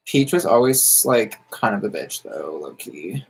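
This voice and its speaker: A campy, sassy man talks casually on a livestream, firing back answers to his viewers in drag slang. He is from the United States and keeps chatting while he does his makeup. His voice sits at a middling pitch for a man. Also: moderate pace, husky. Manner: doing makeup while talking. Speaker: drag queen streamer answering viewer questions.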